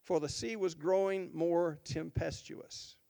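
A man with a rather high voice delivers a sermon at an unhurried pace. As a pastor, he reads scripture aloud and then stops to explain it, stressing the words he wants his listeners to notice. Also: steady tone, gravelly, warm tone.

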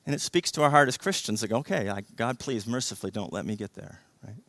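A man preaching a sermon as pastor, passionate, swinging from hushed storytelling to loud, emphatic exhortation. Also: on the low side, quick pace, gravelly, no room sound.

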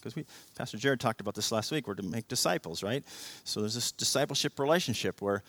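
Bright-voiced, passionate man preaching. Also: medium pitch, expressive, quick pace, no echo. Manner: passionate, swings from hushed to loud emphatic. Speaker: pastor. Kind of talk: sermon.

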